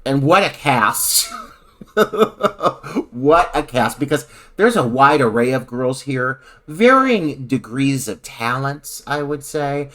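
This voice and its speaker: Animated, crude-joking male podcast co-host. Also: medium pitch, slow. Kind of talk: casual film discussion.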